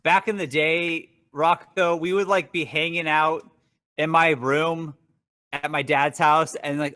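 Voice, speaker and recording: A man in a casual podcast chat, excited and chatty. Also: a little high, a little slow. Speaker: podcast co-host.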